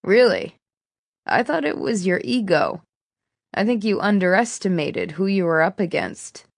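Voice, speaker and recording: A woman voicing a calm, sarcastic male mentor in an audiobook, teasing and unhurried. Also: medium pitch, creaky, dry recording, clean studio sound. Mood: probing. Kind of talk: audiobook character reading.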